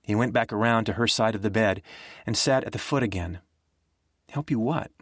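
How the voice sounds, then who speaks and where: A man narrating an audiobook in a measured, even storytelling way. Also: fairly low pitch, dry recording, studio quality.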